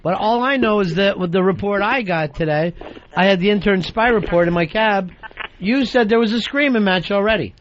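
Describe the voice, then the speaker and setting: A man's voice: high voice, a little fast, a little hiss or hum. A man hosting a radio talk show, taking calls and scolding in a brash, profane, mock-stern way. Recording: dull dry 2000s radio broadcast.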